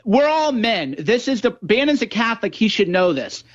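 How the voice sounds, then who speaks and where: A man's voice: high-pitched, normal speed, highs cut off. A man appearing as a guest commentator on a political talk show, telling stories and acting out what others say. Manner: animated storytelling, acts out quoted voices.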